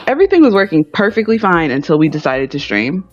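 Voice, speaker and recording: Low-voiced woman chatting wryly. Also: big pitch swings, quick pace, dull audio, faint music behind. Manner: chatty and wry, laughs easily. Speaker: livestream co-host. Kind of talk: casual chat. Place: at home.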